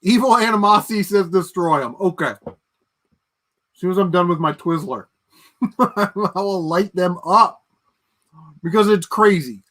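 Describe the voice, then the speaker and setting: A man with a high-sitting, slightly bright voice hosts a casual livestream, talking at a measured pace with long pauses. He chats with viewers and rants, swearing a lot and laughing at his own jokes.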